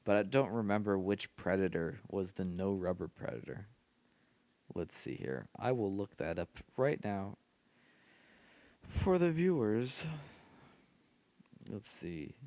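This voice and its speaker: Slow, low-voiced man rambling on a podcast. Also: lively intonation, a little mellow, no echo. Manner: rambling, laughs often to himself. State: tired late at night. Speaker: podcast host. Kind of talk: casual solo podcast rambling.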